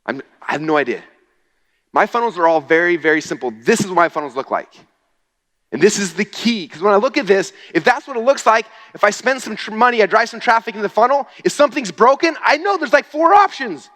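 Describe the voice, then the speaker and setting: Man, fast energetic stage talk, high-pitched, long hall reverb. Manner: energetic, casual, says "okay?" often. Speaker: speaker at a marketing event. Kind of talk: live stage presentation.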